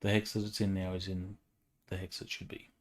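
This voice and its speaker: Low, flat-voiced game master. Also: male voice, a little fast. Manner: patient, matter-of-fact rule explanations. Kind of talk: running a tabletop game.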